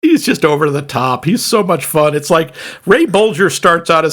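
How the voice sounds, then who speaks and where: A man co-hosting a podcast in casual movie chat, enthusiastic and quick to laugh while sharing trivia. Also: on the high side, animated, a bit bright. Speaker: podcast co-host.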